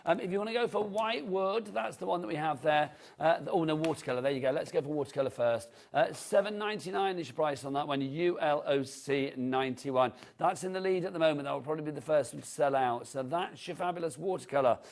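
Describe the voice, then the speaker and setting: A man hosts a live shopping show in a studio. He talks in an upbeat, chatty way, reeling off buyers' names, prices and item codes. His voice sits fairly high for a man. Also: fast, gravelly, hardly any pauses. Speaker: shopping channel presenter.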